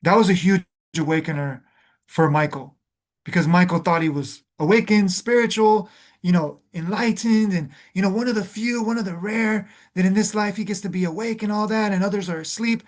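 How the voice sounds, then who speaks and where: Here a high-voiced man talks at a normal speed as host of a reflective spiritual conversation. He is earnest, calls the listener "beloved," and frequently starts his phrases over as he gropes for words.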